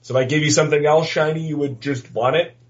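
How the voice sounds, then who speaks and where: A man's voice: a little high, fairly even intonation, quick pace, background noise. A man playing a tabletop game, joking and bantering with the table. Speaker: player. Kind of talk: casual game chat. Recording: slightly dull lo-fi recording.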